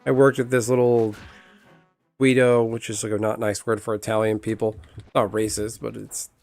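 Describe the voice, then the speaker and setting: A man's voice: fairly low pitch, flat delivery, normal speed, darkish tone, soft background music. Chatty American man, rambling. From United States. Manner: rambling, chatty, swears casually. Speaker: streamer. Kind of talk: casual chat while gaming.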